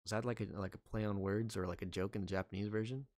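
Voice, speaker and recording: A man's voice: lowish voice, steady tone, fast talker, very noisy. A man streaming a video game, chatting wryly with viewers between lines. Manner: chatty, wry, talks to chat. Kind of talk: casual game commentary. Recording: loud game music behind.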